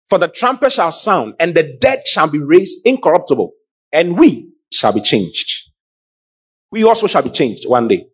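Husky male preacher, middle-aged, slightly high voice, lively delivery calling to the congregation. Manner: animated preaching, calls to the congregation. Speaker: pastor. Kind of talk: sermon.

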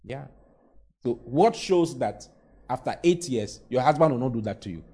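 A man's voice: mid-range voice, lively intonation, normal speed, mellow, breathy edge. A man preaching a sermon, pushing key lines with emphatic, rising exclamations and playful mock voices. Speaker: pastor.

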